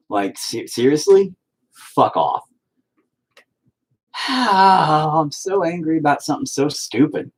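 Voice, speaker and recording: A man's voice: fairly high pitch, lively intonation, takes it slowly, pauses often. A man streaming live as he paints, chatting casually in a profane, exasperated rant. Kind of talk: casual livestream chat.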